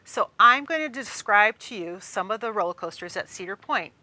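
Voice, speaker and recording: A woman presenter giving a training talk, telling a story in a lively way and speaking straight to the listener. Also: medium pitch, moderate pace, no echo.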